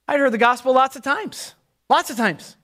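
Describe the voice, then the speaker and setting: High-voiced pastor with dramatic hushes. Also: male voice, animated. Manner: dramatic shifts between loud emphasis and hushed near-whisper; slows and stretches key words. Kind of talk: sermon.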